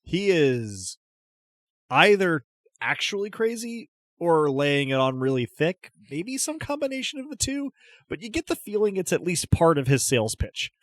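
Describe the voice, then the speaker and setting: A man narrating a tabletop game as game master, describing scenes in a relaxed way with frequent fillers. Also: a little high, moderate pace, no echo, clean studio sound.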